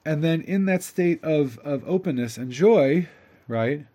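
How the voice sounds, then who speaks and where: A man teaching a lesson in an animated, chatty way, reading a story aloud, translating it and breaking into asides. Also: on the high side, measured pace.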